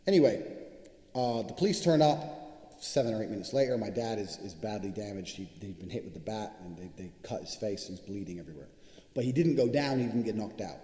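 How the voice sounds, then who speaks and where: A man with a lowish, dark voice and lively intonation gives an unscripted motivational talk as a course instructor. He tells stories at a rapid clip, swearing often and boasting along the way. The room is echoey, with a long reverb tail.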